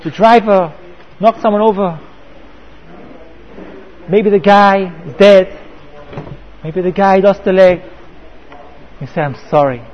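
Guy with a high voice giving a torah class, keeps repeating himself, muffled lo-fi sound. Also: steady tone, takes it slowly, long pauses. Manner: repeats words, mixes in Hebrew terms. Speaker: Torah teacher.

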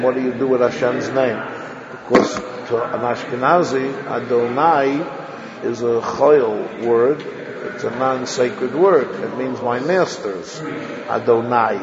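A man giving a religious lecture to a class, sounding out Hebrew words slowly and repeating them to show how they should be said. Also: medium pitch. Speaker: religious teacher. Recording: lo-fi echoey hall recording.

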